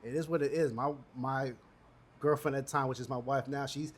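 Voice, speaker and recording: A middle-aged man telling stories in casual chat, animated and acting out the quoted voices as he goes. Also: fairly quick, breathy edge. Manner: animated storyteller, acts out quoted voices with high pitch jumps. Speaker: podcast co-host.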